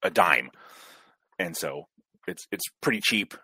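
A male guest on a talk stream, explaining at length in a steady lecturing way with fillers. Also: low voice, unhurried, husky, no echo.

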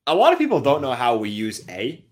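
A man's voice: medium pitch, wildly swooping pitch, a little fast. A young Canadian man in casual chat, rambling with many fillers and restarts, and laughing often.

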